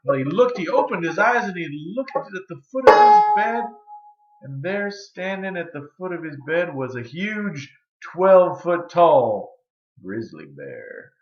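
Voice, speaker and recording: A man telling a folk tale, drawling and dramatic, with hushed pauses. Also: sits high, big pitch swings, soft background music. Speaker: storyteller. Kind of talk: folksy storytelling. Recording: roomy, slightly dull recording.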